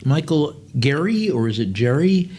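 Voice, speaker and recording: This auctioneer runs a live sale, drifting off into digressive, chatty remarks with many fillers between bids. He speaks on the high side, very animated, at a moderate pace, and his tone is a little mellow.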